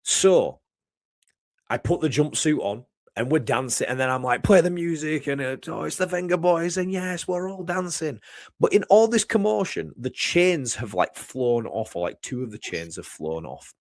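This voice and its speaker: A young man spinning a rambling, self-deprecating story as a guest. His pitch swings widely and with real animation, and the sound is dry and close with no room around it. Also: animated, normal speed, no echo. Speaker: wrestler guest. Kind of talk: casual storytelling chat.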